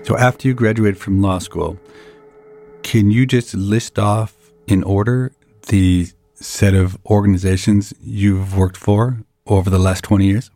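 Deep-voiced male interviewer. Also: fairly even intonation, a little slow, dark tone, no room sound. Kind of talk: interview questions.

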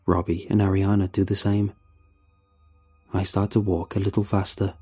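A man telling a first-person horror story in a tense, measured way. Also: low voice, flat delivery, dark tone, slightly rough, faint music behind.

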